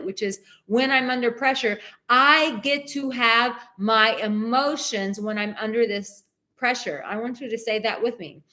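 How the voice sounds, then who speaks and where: Female live-stream advice host, a bit high-pitched, leans on repeated words, talks directly to viewers. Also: fairly bright tone. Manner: emphatic, repeats words for stress; encouraging, speaks straight to viewers. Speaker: dating and relationship advice host.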